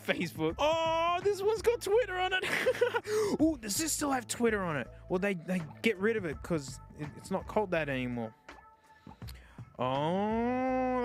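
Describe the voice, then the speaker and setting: An Australian man unboxing and testing old-style phones in casual, excitable commentary, wry and laughing often. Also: sits high. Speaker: streamer reviewing phones.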